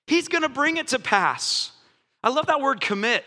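A man, a pastor, preaching a sermon in a church, animated and jokey with strong emphasis. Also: very high-pitched, moderate pace. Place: church hall. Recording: echoey church hall.

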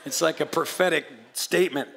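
Hoarse gravelly man preaching a sermon. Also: fairly high pitch, fairly quick, fairly bright tone, a little hiss or hum. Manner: chatty, joking, restarts often. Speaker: pastor. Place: church hall before a congregation.

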